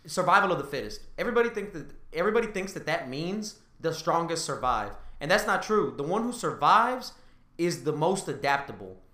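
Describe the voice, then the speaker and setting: A man in his thirties in casual podcast chat, talking fast and loose, swearing and tagging lines with "bro" and "right?". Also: high voice, pushed and bright, reverberant, recorded from a distance. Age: 30s. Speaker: podcast co-host.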